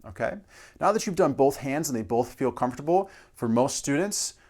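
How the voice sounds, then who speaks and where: A man's voice: medium pitch, lively intonation, normal speed, a little mellow. A male drum teacher explaining a practice exercise step by step and counting beats aloud. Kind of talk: instructional demonstration.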